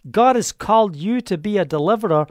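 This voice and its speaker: Fervent high-voiced male preacher. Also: lively intonation, a little fast, no room sound, studio quality. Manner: fervent, proclaiming, breaks into hallelujahs. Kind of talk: charismatic sermon and prayer. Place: Israel.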